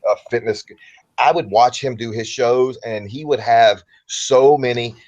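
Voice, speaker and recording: A man with a baritone voice and a light Southern American accent, a guest talking in a relaxed, rambling way over a remote call. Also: measured pace, lo-fi sound. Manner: relaxed, rambling, comfortable speaker. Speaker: interview guest. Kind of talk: casual interview talk.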